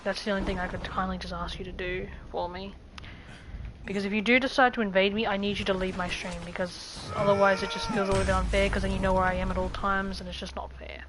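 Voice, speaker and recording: A woman's voice: mid-range voice, flat delivery, quick pace, background noise. A woman game streamer chatting casually to her viewers, rambling with frequent restarts and stumbles.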